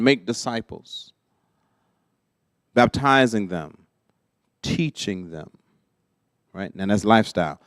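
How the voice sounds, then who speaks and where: A man with a mid-range voice leads a teaching workshop in a church classroom, speaking conversationally and often checking that listeners are following. The sound is clean, studio-like, with no room sound.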